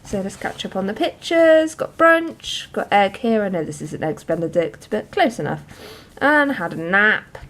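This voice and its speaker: Woman, casual vlog chat, giggly, rambling, mid pitch. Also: animated, a little slow, few pauses, fairly bright tone. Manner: chatty, giggly, many ums. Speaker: journal vlogger.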